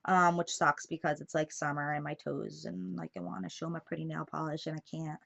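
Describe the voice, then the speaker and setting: A woman's voice: sits low, level tone, a little fast, vocal fry, fairly bright tone. A young woman vlogging casually to camera, telling a story in a chatty way with lots of fillers. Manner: chatty storytelling, many fillers, laughs through it. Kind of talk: casual vlog chat to camera. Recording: slightly dull lo-fi sound.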